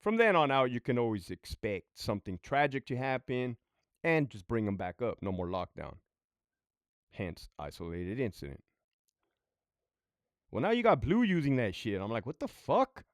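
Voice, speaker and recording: A man's voice: medium pitch, big pitch swings, moderate pace, pauses often, dry recording, studio quality. A man who was a prison sergeant tells a story in a casual monologue, blunt and full of swearing. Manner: profane, blunt, conversational.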